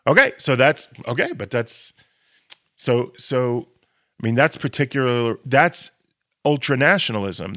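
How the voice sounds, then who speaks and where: A man's voice: mid-range voice, a bit bright, no echo, studio quality. Impassioned man arguing on a podcast. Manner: impassioned, argumentative, sarcastic rhetorical questions; frequent restarts and repeated words when building a point. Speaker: Israel educator and podcast co-host. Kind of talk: podcast discussion.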